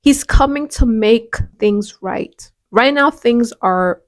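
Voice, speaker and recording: A woman's voice: a little high, slow, dry recording. A woman hosting a devotional podcast. She talks in an earnest, conversational way and often restarts her sentences. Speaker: podcast host.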